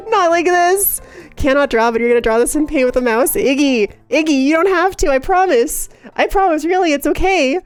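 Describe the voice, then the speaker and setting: A young woman livestreamer in casual chat, giggly and excitable, rambling chaotically to her viewers. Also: high-pitched, moderate pace, soft background music. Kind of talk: casual live-stream chat.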